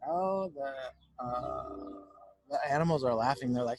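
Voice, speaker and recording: A male teacher reading a picture book aloud to children on a home video, chatty and animated, often stopping to talk to the kids about the pictures. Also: medium pitch, unhurried. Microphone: home video recording.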